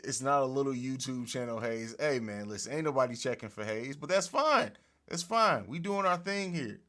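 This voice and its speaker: Animated, profane man hosting a livestream. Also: medium pitch, moderate pace. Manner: animated, profane, laughing often. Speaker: podcast host. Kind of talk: casual livestream chat. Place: home studio. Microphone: overhead mic.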